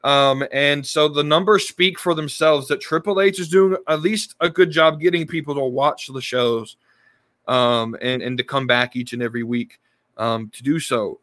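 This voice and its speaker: Bright-voiced man rambling on a podcast. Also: mid-range voice, no room sound. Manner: rambling, many restarts and fillers. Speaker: podcast host. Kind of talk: casual wrestling podcast talk.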